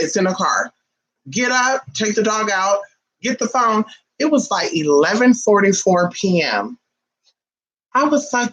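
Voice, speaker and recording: Woman livestream host, middle pitch, loose and profane, chatty storyteller reading comments. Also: a little fast, low-quality recording. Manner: animated, profanity-laced storytelling; talks to viewers and a pet while reading comments. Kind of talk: casual livestream chat.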